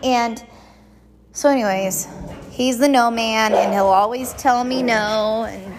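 A woman's voice: a little high, slow, background noise. A middle-aged woman chatting in a rambling, casual monologue as a podcast host. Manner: chatty, rambling, animated quoted voices.

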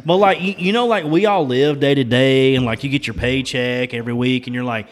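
A man's voice: mid-range voice, fairly quick, few pauses, big-room sound. A man hosting a casual podcast chat, ranting and swearing in outrage. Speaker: podcast host.

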